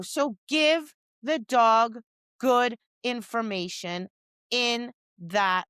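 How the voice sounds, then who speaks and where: A woman's voice: fairly high pitch, very slow, fairly bright tone, clear, resonant tone, dry recording. A woman dog trainer co-hosting a podcast, talking casually and animatedly, acting out her dog's replies and scolding owners with exasperation. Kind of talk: casual chat.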